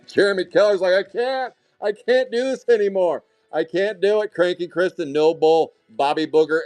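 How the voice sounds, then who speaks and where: A man hosting a live card break, calling out hits in a hyped, rapid, joking way while out of breath. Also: a little high, a little mellow.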